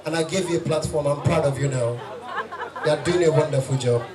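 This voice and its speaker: Nigerian comedian teasing a party crowd. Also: male voice, fairly high pitch, fairly quick. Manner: teasing, mixes pidgin and Yoruba. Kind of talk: stand-up comedy banter. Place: outdoor party venue. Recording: echoey, distant, party music and crowd.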